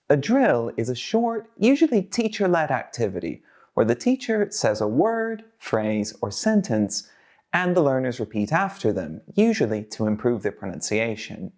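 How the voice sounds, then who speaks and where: A man presenting as a teacher trainer in a scripted teaching video, energetic and modelling sentences for learners to repeat. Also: mid-range voice.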